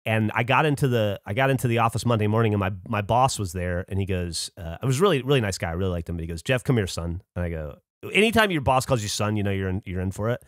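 A man's voice: lowish voice, lively intonation, fast, hardly any pauses, dry recording, clean studio sound. A man in his late forties from Alabama, a podcast co-host telling a long story in a casual, profane, laid-back way.

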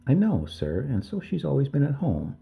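A man's voice: medium pitch, wildly swooping pitch, normal speed, creaky, pitched above the performer's own voice. A man voicing a worried, tearful middle-aged village mother who pleads deferentially and keeps calling him sir. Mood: worried pleading. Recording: tinny phone-like audio.

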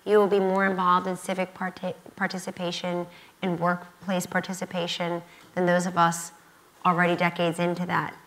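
A woman's voice: on the low side, completely flat delivery, normal speed, fairly bright tone, rough recording. A woman in her fifties speaking on stage at a student conference, emphatic and repeating key phrases. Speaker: guest speaker. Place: university event stage.

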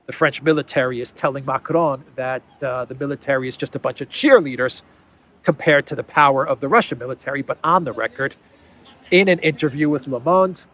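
A man's voice: mid-range voice, a little fast, a bit bright. Man hosting casual political commentary. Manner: conversational, repeats words while thinking, sardonic asides.

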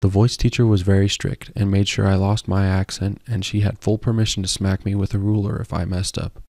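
A man voicing a bubbly young woman supermodel who talks in a bright, bouncy, teasing way. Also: low-pitched, flat delivery, a little fast, vocal fry, no echo, studio quality. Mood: earnest.

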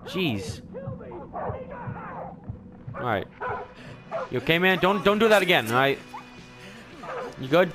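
Excitable young man yelling game commentary. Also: on the high side, slow pace, pauses often, music in the background. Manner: excitable, yelling, joking to himself. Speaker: gaming YouTuber. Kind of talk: let's-play commentary.

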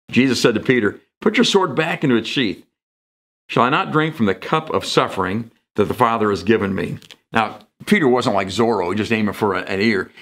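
A man's voice: fairly low pitch, a bit bright. Man preaching a casual conversational sermon. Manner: conversational, jumps into quoted voices for emphasis. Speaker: pastor. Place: church sanctuary.

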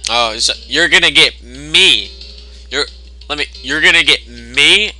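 A man's voice: a little high, measured pace, bright, forceful tone. A man commenting on a game as he plays it, joking, swearing and voicing the on-screen text in mock tones. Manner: jokey, profane, reads the game text aloud in mock voices. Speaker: gameplay commentator. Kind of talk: let's play commentary. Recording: game music behind.

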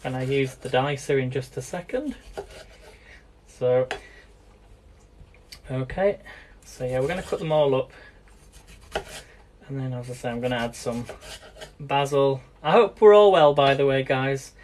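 A man's voice: medium pitch, a little slow, long pauses, darkish tone, slight background noise. British male host, casual and rambling, talks to viewers while cooking live. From Britain. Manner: chatty and rambling, often addresses viewers as guys.

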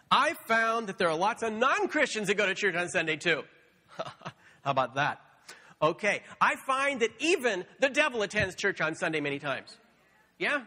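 Animated high-voiced man preaching in a hall. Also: normal speed. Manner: playful, animated storytelling with animal sounds. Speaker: pastor. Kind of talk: sermon. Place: church sanctuary.

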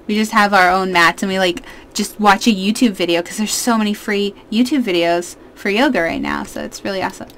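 A woman in her twenties giving casual, excitable let's-play commentary as a gaming YouTuber, chatting to her viewers. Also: medium pitch, a little fast, a little hiss or hum.

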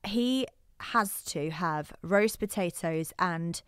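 A young adult woman co-hosting a podcast, bubbly and expressive, giggling through her stories. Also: fairly low pitch, slow, clean tone, dry recording, studio quality. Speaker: podcast co-host. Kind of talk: casual chat.

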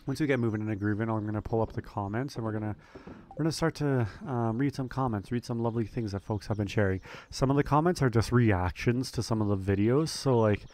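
A man's voice: mid-range voice, fast, hardly any pauses, darkish tone, slight background noise. A man casually commenting on his own farming game playthrough, chatty and rambling with lots of fillers. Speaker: gaming video creator. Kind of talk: relaxed let's play commentary.

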